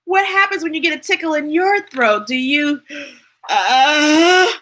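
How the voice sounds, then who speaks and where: A woman reading picture books aloud to children in a playful, expressive way, asking her listeners questions. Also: sits high, unhurried. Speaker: storytime reader.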